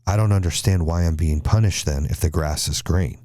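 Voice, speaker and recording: A man voicing a calm, honorable tiger in a fable he retells, speaking politely and reasonably. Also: deep voice, fairly quick, dry recording, clean studio sound, voice pushed down, lightly acted.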